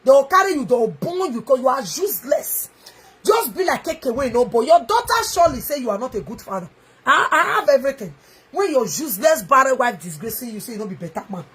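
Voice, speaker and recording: A woman with a Nigerian Pidgin English accent, ranting angrily in a video, taunting and mocking with shouts and a sing-song edge. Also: high-pitched, very animated, quick pace, a little hiss or hum. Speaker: online video ranter. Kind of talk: angry livestream rant.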